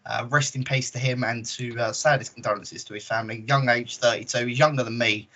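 Bright-voiced male podcast host, lo-fi. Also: medium pitch, a little fast. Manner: relaxed, many "uh" fillers. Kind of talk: casual podcast chat. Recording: dull lo-fi audio.

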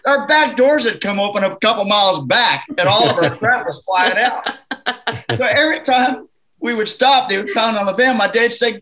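A man from Canada, a musician guest in a casual interview, telling an anecdote in a lively, laughing way. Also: sits high, normal speed, rough recording. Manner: animated, laughing anecdote teller.

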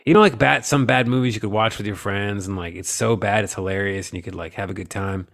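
A man's voice: fairly low pitch, steady tone, fast, vocal fry, a bit bright. A man co-hosting a casual, profane movie-review chat, rambling and joking crudely. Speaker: podcast co-host.

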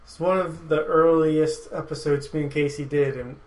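A man's voice: fairly high pitch, steady tone, normal speed, rough recording. A man hosting a movie podcast, chatting casually and rambling through his opinions with frequent laughs. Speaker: podcast host.

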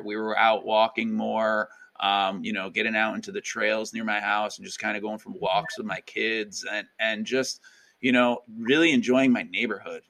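A man's voice: lowish voice, gravelly, sharp tone. A man in his thirties, a guest educator and author, chatting casually and upbeat with many fillers in an interview.

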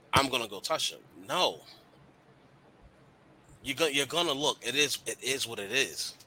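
On a casual podcast, a young male host talks bluntly about relationships in a very bright, medium-pitched voice. His speech is loose, slangy and packed with swearing, and he grows animated as he makes his points.

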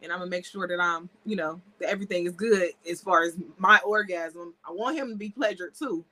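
A woman's voice: fairly low pitch, fairly quick, pushed and bright. A woman guest on a podcast speaking frankly and emphatically from her home kitchen. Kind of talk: casual chat.

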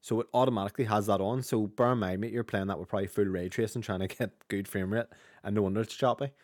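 A man's voice: lowish voice, steady tone, a little mellow, no echo, clean studio sound. A man with a Northern Irish accent co-hosting a gaming podcast in casual, sweary banter. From Northern Ireland. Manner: rapid, chatty, sweary banter. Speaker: podcast co-host.

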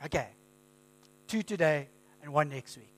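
A man preaching a sermon as pastor, in a conversational storytelling manner with lively quoted asides. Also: fairly high pitch, unhurried. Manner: conversational storytelling, animated quoting.

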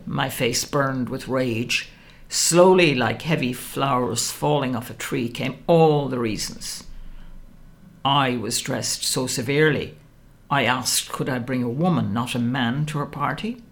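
A woman reading a first-person novel aloud, wry and expressive. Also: very deep voice, unhurried. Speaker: audiobook narrator.

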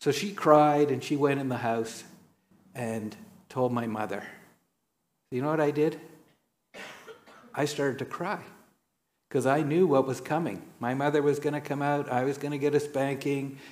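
Male preacher, unhurried sermon delivery, storyteller who voices the people he quotes. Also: fairly even intonation. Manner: storytelling, acts out quotes with dramatic pitch jumps.

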